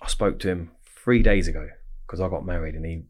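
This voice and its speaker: A man with an Essex accent telling stories as a podcast guest, animated and full of swearing. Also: deep voice. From England. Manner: fast, animated storytelling with heavy swearing. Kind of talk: storytelling interview.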